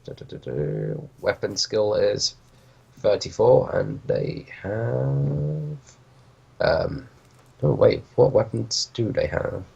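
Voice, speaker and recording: A game master with a low, deep voice who thinks aloud with many pauses as he checks the rules. He talks in a plain, conversational way. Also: very animated, creaky, dark tone, slightly rough, lo-fi sound. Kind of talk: running a tabletop game.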